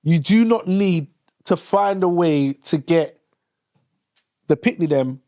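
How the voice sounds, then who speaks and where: A man, co-hosting a podcast, making his case in halting, restarting bursts. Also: fairly high pitch, expressive, mellow. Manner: halting, restarts while building an argument. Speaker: podcast co-host. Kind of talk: casual group chat.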